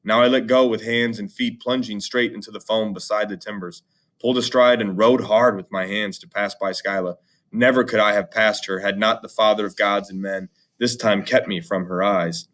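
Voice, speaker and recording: A man reading an old epic poem aloud in a plain, steady manner. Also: fairly low pitch, normal speed. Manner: plain steady reading, slangy when explaining. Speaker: reader and explainer of an epic poem. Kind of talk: reading aloud with casual explanation.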